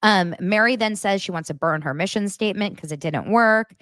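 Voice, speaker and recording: A woman's voice: mid-range voice, fairly quick, a bit bright, no room sound, studio quality. A woman hosting a podcast, chatting casually through a reality-TV recap and filling her speech with "like". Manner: chatty, fills with "like". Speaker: podcast host.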